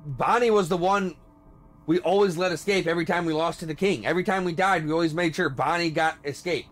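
A man's voice: fairly high pitch, a little fast, a bit bright, faint music behind. A man playing a video game and reading it aloud, reacting with shocked, swearing commentary. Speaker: let's play gamer.

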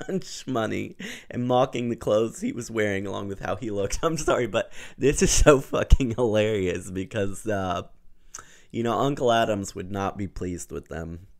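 A man's voice: low voice, creaky, a little mellow. A man reading a novel aloud and mocking it with sarcastic, profane commentary. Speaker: reviewer.

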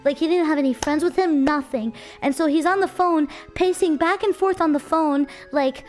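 A high-pitched young woman chatting to her stream, animated and quick to laugh as she tells a story. Soft music plays faintly under her voice. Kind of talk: casual storytime chat.

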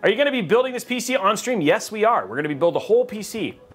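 A man's voice: sits high, very animated, racing, husky, soft background music. A man from California hosting a PC-building livestream, rambling and joking as he reads out chat. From California, USA.

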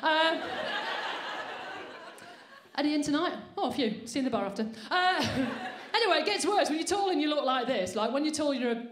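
A woman's voice: sits high, animated, fairly quick, long pauses, slight background noise. A woman doing a brash, sweary, self-mocking stand-up set on a comedy club stage. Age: 40s. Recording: roomy live venue sound.

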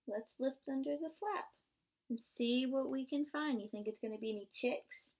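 A woman's voice: high-pitched, measured pace. Young woman reading aloud to kids. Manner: interactive and encouraging, asks children to join in; gasps and plays up surprises. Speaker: student teacher. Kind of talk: reading a picture book aloud to young children.

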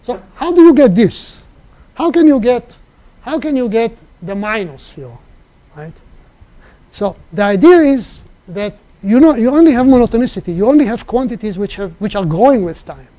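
High-voiced man giving a seminar talk. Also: animated, warm tone. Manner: halting, thinking aloud with restarts. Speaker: seminar speaker. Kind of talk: mathematics seminar lecture. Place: seminar room.

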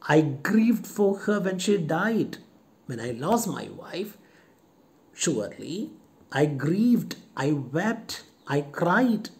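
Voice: mid-range voice, big pitch swings, takes it slowly, a little mellow. A teacher voicing an old male servant from a play who tells, in a plain and matter-of-fact way, how he grieved for his wife. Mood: recounting.

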